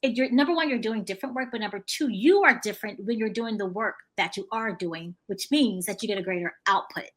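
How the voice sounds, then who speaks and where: A woman hosting a podcast interview, telling stories in a lively way and acting out the dialogue. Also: mid-range voice, fairly quick, hardly any pauses. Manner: animated storytelling, acting out dialogue. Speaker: podcast host. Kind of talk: casual conversational interview.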